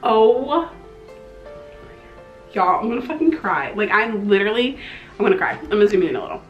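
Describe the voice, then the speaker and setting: Young woman, beauty vlogger, gushing and slangy, mid pitch, echoey room. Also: moderate pace, long pauses, lo-fi sound, faint music behind. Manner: gushing, excitable, slangy, with breathy exclamations. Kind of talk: casual makeup review vlog.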